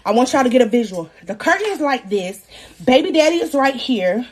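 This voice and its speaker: A young woman in her twenties tells her viewers a story in a casual, profane and self-mocking way. Her voice sits high and leaps all over the place as she acts out the people in the story. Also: big pitch swings, fairly quick, a little hiss or hum. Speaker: vlogger.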